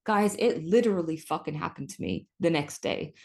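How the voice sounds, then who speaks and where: A woman with a low voice talks through a solo podcast episode. She is casual and animated, and she swears freely. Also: normal speed, vocal fry. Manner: animated, swears often, spiritual language. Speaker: podcast host.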